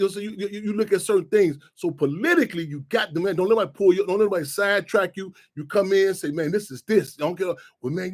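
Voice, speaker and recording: Fast-talking high-voiced man rambling. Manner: rambling, repeats "you know what I'm saying". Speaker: radio show host. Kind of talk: casual monologue.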